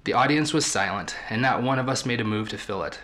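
A podcast host reading a story aloud from a book in a measured, storytelling way. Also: male voice, mid-range voice, bright, forceful tone.

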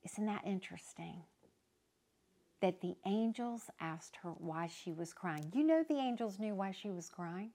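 A woman hosting a faith-based talk, speaking in an earnest, conversational and reflective way. She sometimes pauses to search for the right word. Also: medium pitch, expressive, mellow. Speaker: podcast host.

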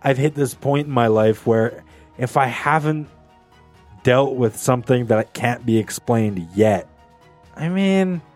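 A man's voice: medium pitch, takes it slowly, soft background music. A man co-hosting a podcast in casual chat, joking and laughing often. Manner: animated, laughs often, jokey asides. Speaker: podcast co-host.

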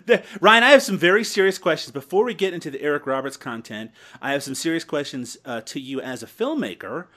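A Canadian man hosts a comedy podcast with a fairly high voice. He swings his pitch widely and sounds bright and forceful. He teases the others in a deadpan, mock-serious way. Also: quick pace. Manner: joking, mock-serious teasing. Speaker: podcast host.

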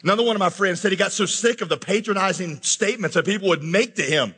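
A man preaching a sermon to a congregation, animated, acting out people's questions to God in his own voice. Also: high voice, quick pace, slightly rough, long reverb tail. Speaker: pastor.

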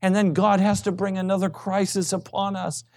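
A male pastor preaching a sermon with emphasis, swinging from loud high peaks to low quiet asides. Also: flat delivery, moderate pace.

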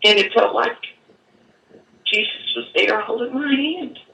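A woman giving an earnest personal testimony, halting and at times choked up, in an echoey room away from the mic. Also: a little high, vocal fry, bright, forceful tone, distant mic. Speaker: guest telling her story.

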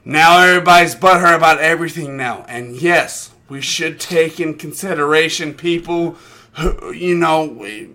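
A tipsy man co-hosting a casual podcast, ranting loudly and swearing a lot. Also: a little high, normal speed. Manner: profane, loud, ranting. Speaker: podcast co-host. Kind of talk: casual drunken rant.

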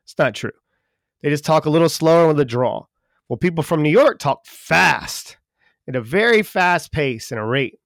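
Guy cohosting a podcast, folksy, kinda high voice, dry sound. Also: gravelly, dry recording. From Charleston, South Carolina, US. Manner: talks fast when excited, folksy and joking. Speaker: podcast co-host. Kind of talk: casual podcast chat.

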